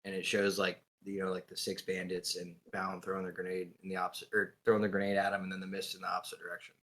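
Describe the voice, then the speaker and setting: Bright, excitable male player. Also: low-pitched, racing. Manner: excitable, rambling. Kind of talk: tabletop game chat.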